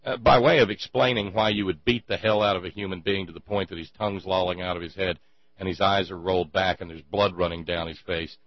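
A man with a low voice rants with indignation and dry sarcasm, stumbling over fillers as he pushes his argument. The sound is muffled and lo-fi, with a close, dead room. A steady electrical hum runs underneath. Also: fast, dry recording. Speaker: commentator. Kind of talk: ranting monologue. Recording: dry, dull lo-fi with mains hum.

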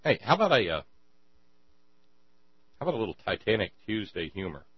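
A man's voice: on the low side, sing-song, brisk, breathy edge, dry recording. A man hosting a political commentary monologue, sarcastic and given to stammering restarts, on a dull lo-fi mic with mains hum. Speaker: show host.

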